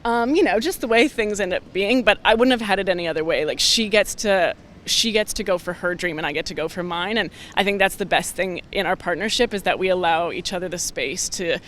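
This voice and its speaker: A woman's voice: on the low side, a little fast, fairly bright tone, slight background noise. A young woman, a rugby player chatting casually in an interview, upbeat and full of "like" fillers. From Canada.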